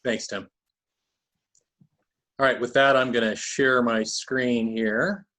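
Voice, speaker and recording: A man in his fifties presenting a webinar over a video call, halting, with many fillers. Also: medium pitch, steady tone, bright, forceful tone.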